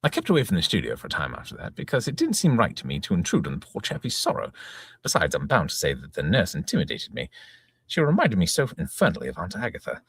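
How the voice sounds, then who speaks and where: A man's voice: low-pitched, huge pitch swings, quick pace, breathy edge, no room sound, clean studio sound. A man reading a comic novel aloud in breezy first-person narration, chuckling along. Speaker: reader, channel host.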